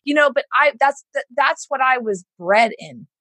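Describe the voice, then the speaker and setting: Southern lady coach, husky voice, dry close sound, swings into voices for the folks she quotes. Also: high voice, normal speed, dry recording. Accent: Southern American. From Houston, Texas. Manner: animated storyteller, acts out quoted voices. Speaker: guest, business coach. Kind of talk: casual podcast conversation.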